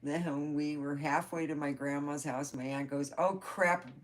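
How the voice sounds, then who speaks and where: Low-voiced woman telling rambling stories. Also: steady tone, unhurried. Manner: rambling, laughs often, swears casually. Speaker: vlogger. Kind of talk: casual storytelling.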